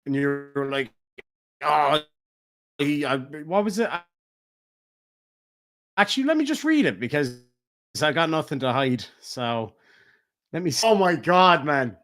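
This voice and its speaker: A middle-aged Irish man rants on a livestream, full of swearing and mockery. His voice sits a little high. He jumps from loud bursts to low mutters. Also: sing-song, a little slow, long pauses. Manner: profane, taunting, swings between loud and muttered. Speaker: streamer. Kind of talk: heated livestream rant.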